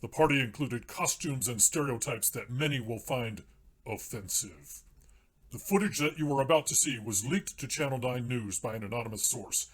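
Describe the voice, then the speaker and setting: A man's voice: medium pitch, normal speed, breathy edge, lightly acted. A man playing a pompous TV news anchor. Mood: formal. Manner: stiff, formal newsreader delivery.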